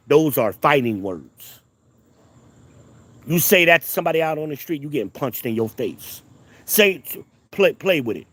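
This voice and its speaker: A man, a father of two daughters, delivering a casual, heated rant, emphatic and repetitive, often rising in pitch. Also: lively intonation, normal speed, fairly bright tone. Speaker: commentator.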